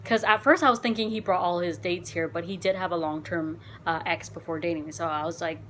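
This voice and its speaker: A woman vlogger telling a dating story in a casual, animated, frank way, swearing and saying "like" a lot. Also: fairly low pitch, brisk, hardly any pauses, a little hiss or hum.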